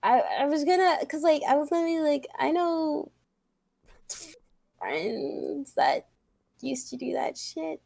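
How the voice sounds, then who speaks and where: A young woman co-hosting a podcast in casual chat, slangy and quick to laugh. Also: high voice, lively intonation, creaky, darkish tone, no echo. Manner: slangy, laughs often, says bro. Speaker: podcast co-host.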